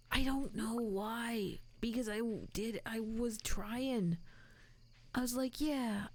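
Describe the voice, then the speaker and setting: A woman's voice: on the high side, gravelly, darkish tone. A woman streaming a game, chatting casually to her viewers and to the game, self-mocking and laughing often. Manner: talks to chat and to the game. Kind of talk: casual live-stream chat while playing.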